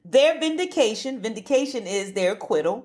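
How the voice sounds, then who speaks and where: A woman's voice: a little high, animated, fairly quick, darkish tone. A woman preaching a fervent, emphatic sermon and repeating words for emphasis.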